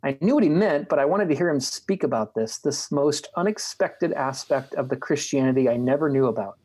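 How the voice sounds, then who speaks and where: Measured man reading a book aloud. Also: mid-range voice, lively intonation, darkish tone, breathy edge. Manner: reflective, measured, slows down on key words. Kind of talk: casual chat and reading a book passage aloud.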